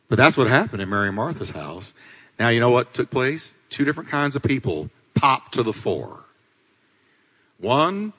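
Male pastor, dramatic sermon delivery, bright and animated, reverberant sanctuary. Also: breathy edge. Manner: dramatic preaching, swings between loud climaxes and low asides. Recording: long hall reverb.

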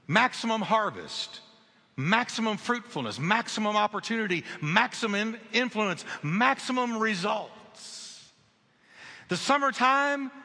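A man preaching a sermon as pastor, swinging between loud exhortation and hushed, low storytelling. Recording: long hall reverb.

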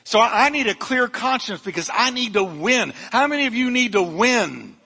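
A man's voice: very high-pitched, animated, moderate pace, vocal fry, sharp tone, slightly rough, in a large hall. A male pastor preaching a sermon, fervent and emphatic, with humorous asides to his congregation. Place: church sanctuary.

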